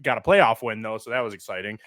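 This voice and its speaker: A man in his thirties co-hosting a comedy podcast, telling stories in casual chat with sudden loud outbursts. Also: fairly low pitch, quick pace, dry recording, studio quality. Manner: animated, loud outbursts when retelling stories. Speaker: podcast co-host.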